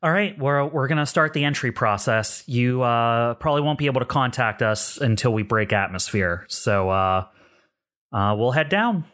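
A man with a mid-pitched voice speaks in character at a tabletop role-play, talking as a pilot on the radio. His delivery is hesitant and plain. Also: lively intonation, moderate pace, fairly bright tone.

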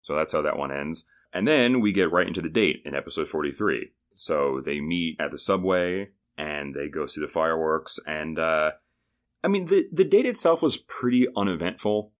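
A man with a very low voice co-hosts a podcast. He recaps episodes in a loose, chatty way and jokes along as he goes. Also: lively intonation. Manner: chatty, joking, does quick impressions of people. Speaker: podcast co-host. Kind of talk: casual recap chat.

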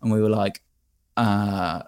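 An Englishman with a lowish voice tells a long anecdote as a guest in a casual interview. He rambles and corrects himself as he goes. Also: steady tone, normal speed. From England.

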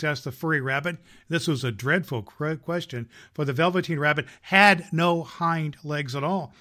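A middle-aged man hosting as Santa, reading a storybook to children in a lively, jolly way. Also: a little high, normal speed, hardly any pauses. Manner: lively storyteller, jolly, laughs at own jokes. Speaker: Santa Claus host reading stories.

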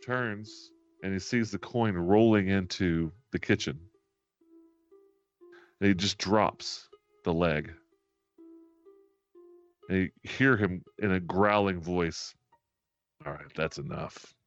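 Male game master, lowish voice, relaxed chatty narration over muffled stream audio. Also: takes it slowly, long pauses, smooth. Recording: dull lo-fi stream audio, faint music.

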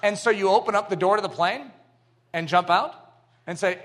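A man preaching a sermon, telling stories and acting out little scenes, swinging between loud emphatic bursts and hushed lines. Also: high voice, moderate pace.

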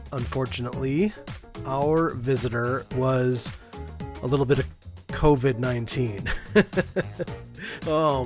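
A man hosting a podcast from his home studio, his voice nasal and congested from being ill. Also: medium pitch. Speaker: podcast host.

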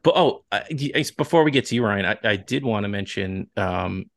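A man with a Long Island accent chats casually as a podcast co-host, steering the discussion with loose, hedging asides. His voice sits on the low side and sounds dry and close, with no room around it. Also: animated, fairly quick, dry recording. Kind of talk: casual recap chat.

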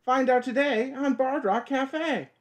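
A man doing a squeaky hyped teaser announcer. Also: very noisy. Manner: dramatic, drawn-out teaser delivery. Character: overexcited male show-teaser announcer.

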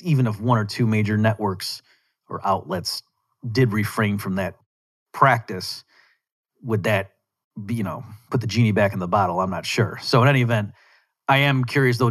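A man's voice: on the low side, normal speed, a bit bright. A man hosting a podcast, talking through a long, sarcastic, rambling rant and often interrupting himself. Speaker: podcast host. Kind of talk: casual monologue rant.

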